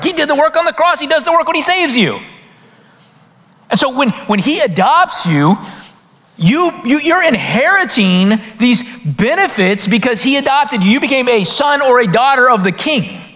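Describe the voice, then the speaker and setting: Animated man preaching in a reverberant church. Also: very high voice. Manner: animated, conversational preaching with frequent restarts and rhetorical questions. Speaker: pastor. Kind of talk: sermon. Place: church sanctuary.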